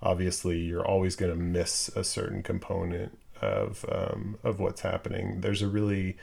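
A man's voice: low-pitched, normal speed, creaky, darkish tone, husky. A man co-hosting a film podcast, talking casually and hesitantly with many fillers and restarts. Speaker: podcast co-host.

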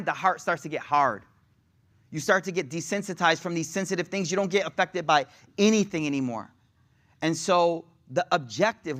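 A young man giving a sermon with a slightly high voice, talking in easy street slang. His delivery rises into urgent, passionate preaching. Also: fairly bright tone. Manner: casual slang, builds to raised passionate delivery. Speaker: religious teacher.

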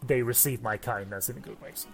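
A man's voice: medium pitch, fast, creaky, soft background music. A man hosting a podcast, chatting casually and reading out show plugs with lots of fillers and jokes. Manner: rambling, jokey, reads plugs with fillers. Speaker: podcast host. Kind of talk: casual chat and show outro.

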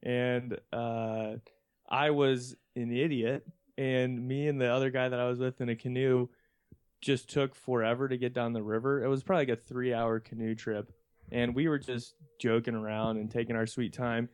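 A young man spins a long, meandering anecdote among friends on a podcast. He keeps chuckling mid-sentence, and restarts and asides pile up as he goes. His tone is relaxed and conversational. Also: mid-range voice, normal speed, smooth. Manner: rambling, laughs often while talking. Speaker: podcast co-host. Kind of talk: casual chat, anecdote telling.

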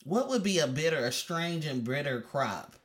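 A woman's voice: low voice, big pitch swings. A woman co-hosting a podcast, chatting casually with her partner and teasing her playfully. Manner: teasing, playful, quick to deny. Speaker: podcast co-host. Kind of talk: casual chat between partners.

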